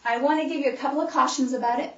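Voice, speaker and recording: A woman chiropractor gives a lively exercise lesson, coaching and urging her audience as she demonstrates. Her voice sits a little high and reaches the mic from a distance. The room is echoey, the sound is muffled, and there is a faint hiss behind her. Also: racing. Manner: coaching and cheering listeners on, demonstrating as she talks. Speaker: chiropractor giving a health talk. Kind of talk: animated instructional talk to a group.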